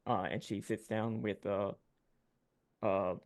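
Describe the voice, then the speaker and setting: Gravelly man running a tabletop game. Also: on the low side, fairly even intonation. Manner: rambling, halting narration with many fillers. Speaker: game master.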